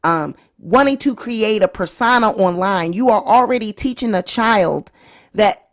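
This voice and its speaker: A woman's voice: medium pitch, animated, a little slow. A woman hosting her own vlog, giving chatty, opinionated commentary straight to her viewers. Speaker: vlog host. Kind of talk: casual celebrity-news commentary.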